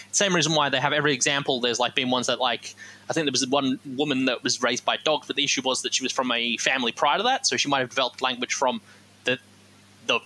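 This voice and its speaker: A man co-hosting a casual podcast, rambling through his points and often repeating "as such". His voice has a bright, forceful edge. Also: mid-range voice, rough recording. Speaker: podcast co-host. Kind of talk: casual discussion.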